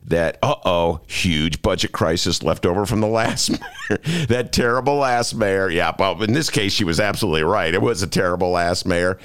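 A man's voice: low voice, normal speed, fairly bright tone. A man hosting a casual radio talk show, telling rambling jokey stories and acting out other people's lines. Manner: rambling, jokey storyteller with voiced asides. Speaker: host.

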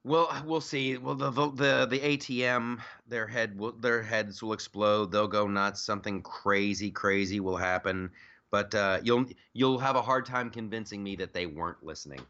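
A man's voice: on the low side, fairly even intonation, moderate pace, sharp tone, highs cut off. A man hosting a podcast, talking politics in a joking, rambling way with lots of restarts. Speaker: podcast host. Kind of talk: casual political chat.

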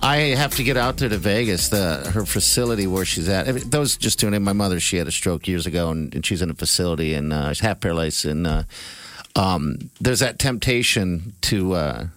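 A man's voice: low voice, a little fast, a bit bright. A man co-hosting a morning radio show, talking candidly in casual chat and telling rambling stories with many fillers.

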